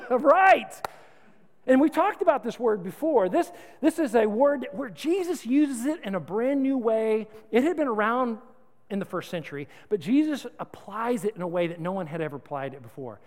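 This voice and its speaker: A man's voice: sits high, fairly quick, long reverb tail. A man preaching a sermon, conversational and humorous, urging his congregation and having them repeat words back to him. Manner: animated, conversational, humorous, exhorting. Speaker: pastor.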